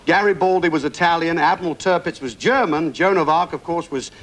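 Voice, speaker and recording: A man's voice: a little high, brisk, fairly bright tone. Jovial man hosting a TV quiz. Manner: jovial, joking with contestants. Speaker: game show host. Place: TV studio. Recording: TV studio with audience and music. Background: studio audience and show music.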